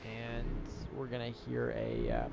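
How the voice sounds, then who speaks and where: A man's voice: medium pitch, big pitch swings, measured pace, vocal fry, lo-fi sound, over loud music. A man casually commenting while playing a game late at night, laid-back and self-deprecating, sounding tired. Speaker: gaming streamer. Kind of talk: casual let's-play commentary.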